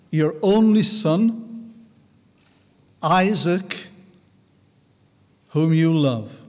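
High-voiced male preacher in a reverberant hall. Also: darkish tone. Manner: restarts and stumbles, slows for emphasis. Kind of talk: sermon.

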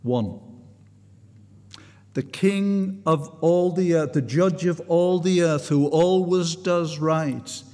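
A man's voice: fairly high pitch, takes it slowly, warm tone. Guy preaching, earnest, stops and restarts a lot, big hall reverb. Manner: earnest storytelling, frequent restarts, rising intensity. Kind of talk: sermon.

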